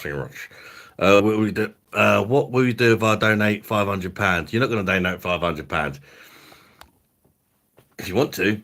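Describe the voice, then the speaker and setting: A young man hosts a live stream, crude and jokey and quick to laugh. His voice sits a little low, and he chats loosely with his viewers. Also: fairly bright tone. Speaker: livestream host. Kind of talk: casual live stream chat.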